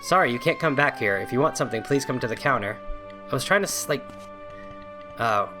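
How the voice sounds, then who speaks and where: A man's voice: medium pitch, lively intonation, a little fast, pauses often, music in the background. A man hosting a let's play, reading the game text aloud and adding joking, sarcastic asides, often flustered by the menus.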